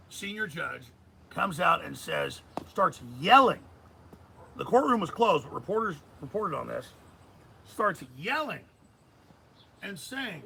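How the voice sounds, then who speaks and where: Male radio host, middle-aged, raised and bright, delivering fired-up commentary. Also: sits high, vocal fry, a little hiss or hum, rough recording. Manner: intense, emphatic ranting. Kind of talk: heated political commentary.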